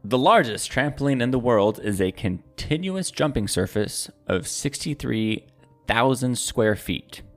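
A man's voice: mid-range voice, lively intonation, measured pace, faint music behind. A man co-hosting a casual podcast, quizzing his friend with puns and playful banter. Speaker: podcast co-host.

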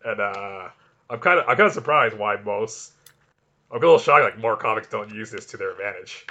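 A man's voice: fairly low pitch, animated, a little fast, bright, forceful tone. A man co-hosting a comics podcast, chatting casually and enthusiastically, often restarting his sentences. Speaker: podcast co-host. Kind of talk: casual chat.

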